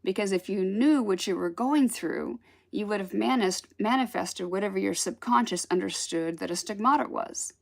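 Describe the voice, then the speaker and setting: A woman telling a personal spiritual story in a casual, animated way, acting out the voices she quotes and laughing often. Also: medium pitch, normal speed, gravelly.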